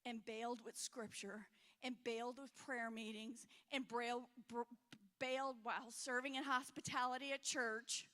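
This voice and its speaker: A middle-aged woman preaching a frank, emotional sermon in a church, swinging between loud and hushed. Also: fairly high pitch, steady tone, unhurried. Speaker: conference speaker.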